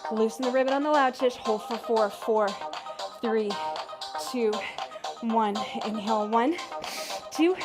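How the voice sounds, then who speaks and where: A woman fitness instructor guiding a workout, counting reps and calling breath cues in a steady rhythm. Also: a little high, unhurried, pauses often. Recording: music playing behind the voice. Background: workout music.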